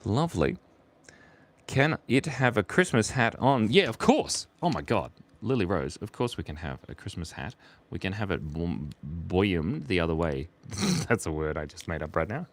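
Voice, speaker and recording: A man's voice: sits low, big pitch swings, normal speed. A young man on a casual live stream, drawing while chatting playfully, reading chat messages aloud and laughing often. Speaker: livestream artist drawing for chat.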